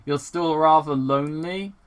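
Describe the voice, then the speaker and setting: A man voicing a cocky male blue hedgehog hero while reading fan fiction aloud, in a raised, excitable voice that stumbles now and then. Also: on the high side, normal speed, smooth, natural voice. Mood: teasing.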